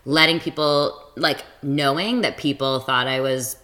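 A woman's voice: a bass voice, fairly even intonation, unhurried, bright, forceful tone. A woman in her thirties telling a long personal story in casual chat, filling her talk with "like" and acting out what people said. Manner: chatty, peppers talk with "like", acts out quotes. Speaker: podcast co-host.

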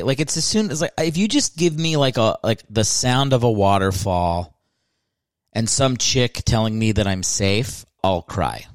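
A man's voice: lowish voice, dry recording. Guy doing a solo comedy podcast, jokey and self-mocking, dry close mic. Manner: joking, self-mocking, rambling with restarts. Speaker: podcast host.

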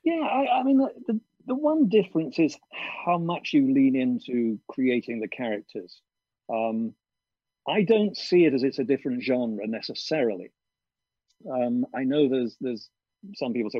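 A man's voice: mid-range voice, expressive, normal speed, breathy edge, no room sound, highs cut off. A male audiobook narrator talking over a video call from his garden studio, thoughtful and hesitant, with many ums and restarts.

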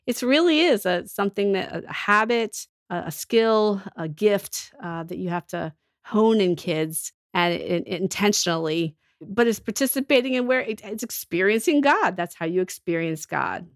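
A woman's voice: medium pitch, animated, moderate pace, few pauses, no room sound, clean studio sound. A woman with a cold, telling earnest stories as a ministry leader in a casual podcast chat. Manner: earnest storytelling with restarts. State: has a cold.

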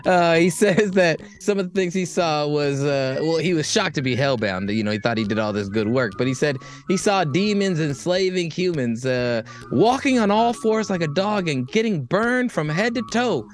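Animated man telling a wild story. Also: fairly high pitch, normal speed, hardly any pauses, faint music behind. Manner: animated storytelling with filler uhs. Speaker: podcast host. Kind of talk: casual chat.

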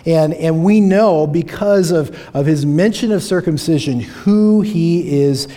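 A man's voice: a little high, measured pace, dark tone. A man preaching a sermon, earnest and emphatic, often repeating key phrases for weight. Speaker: pastor. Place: church sanctuary.

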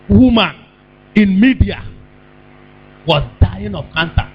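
A man preaches in a high, widely swinging voice, taking his time and drawing words out. He throws questions to the congregation and now and then breaks into a shout. The recording is dull and lo-fi, with a steady mains hum underneath. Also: slow, pauses often, breathy edge. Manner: call-and-response preaching, bursts of shouting. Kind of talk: sermon.

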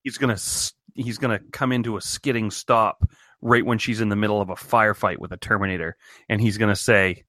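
A man's voice: lowish voice, steady tone, fairly quick, bright, forceful tone, no echo. A man co-hosting a casual podcast chat, joking in a dry, sarcastic way. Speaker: podcast co-host. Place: home in Maine.

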